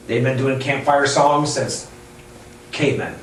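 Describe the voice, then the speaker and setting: A man's voice: mid-range voice, fairly even intonation, a little slow, a little hiss or hum. Man, bookstore owner, rambling storyteller, very echoey room, distant mic. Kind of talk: casual interview chat. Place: inside his bookstore.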